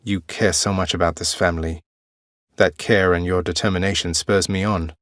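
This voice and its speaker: A man's voice: deep voice, fairly even intonation, moderate pace, a bit bright, dry recording. A man voicing a wry, polite young prince of the underworld, in video game voice lines. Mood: earnest. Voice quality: dry, wry and teasing. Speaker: game character.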